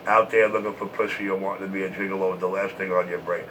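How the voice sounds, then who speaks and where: A man's voice: low-pitched, level tone, fast talker, a bit bright, low-quality recording. A man trash-talking and taunting in a repetitive, boastful way, short of breath from smoking.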